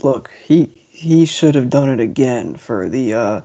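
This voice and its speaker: A man with a gravelly, fry-heavy voice and a dark, mellow tone chats on a music podcast. He swears casually and stalls while searching for words. The audio is slightly dull and lo-fi. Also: medium pitch, expressive, a little slow. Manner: profane, gropes for words, dismissive of pop songs.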